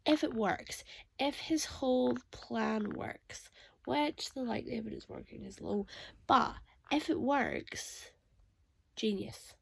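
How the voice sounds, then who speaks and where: A woman's voice: a little high, slow pace, creaky, husky, no echo. A young woman vlogging emotional reactions aloud as she reads a novel. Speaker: booktuber reading a novel. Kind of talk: casual reading vlog reactions.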